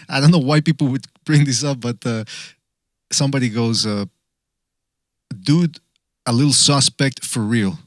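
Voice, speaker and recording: A man's voice: mid-range voice, no room sound. A man hosting a casual boxing podcast, swearing freely and reading viewer comments aloud with laughter. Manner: loose, profane, reads comments aloud with laughs. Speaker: podcast host.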